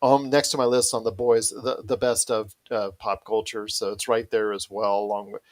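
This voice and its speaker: A man's voice: lowish voice, little pitch movement, normal speed, darkish tone. A man hosting a podcast, chatting casually and enthusiastically, often repeating himself. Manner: enthusiastic, repetitive. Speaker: podcast host. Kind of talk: casual chat.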